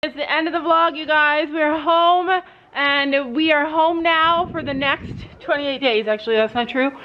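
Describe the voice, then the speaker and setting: A woman's voice: high voice, unhurried, lo-fi sound, slight background noise. A woman vlogging from a horse barn in casual family chat, chatty and often laughing.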